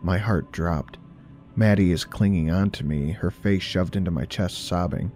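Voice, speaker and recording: A man narrating a horror story in a measured, steady storytelling manner. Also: low voice, soft background music.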